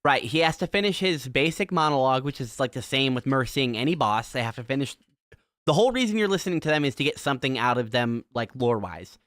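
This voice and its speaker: Smooth-voiced man explaining a game. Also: medium pitch, animated, quick pace, a bit bright, dry recording, clean studio sound. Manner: explanatory, walks through game events step by step. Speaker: podcast host. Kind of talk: casual chat explaining a video game.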